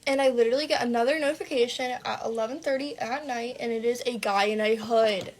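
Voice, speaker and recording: A young adult woman vlogger telling a dramatic personal story, animated and breathless, with lots of fillers and swearing. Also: a little high, fast.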